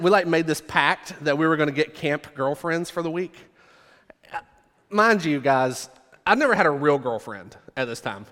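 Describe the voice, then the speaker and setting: Male pastor, humorous storyteller, higher voice, lots of hall reverb. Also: a bit bright. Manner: humorous, self-deprecating storyteller. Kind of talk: storytelling sermon.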